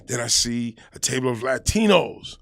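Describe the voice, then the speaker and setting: A man with a gravelly, middle-pitched voice tells army stories in a loose, animated way, and he acts out the yelled lines of the people in them. The recording is dry and close to the mic, with no room sound. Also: normal speed, no echo. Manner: animated storyteller, acts out quoted shouts. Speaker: army veteran guest. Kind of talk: casual storytelling chat.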